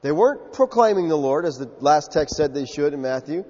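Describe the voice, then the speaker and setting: A pastor with a Southern US accent preaches in a brisk, animated, slightly high and mellow voice. He's emphatic and performs quotes in character, and the recording is muffled with an echoey hall sound.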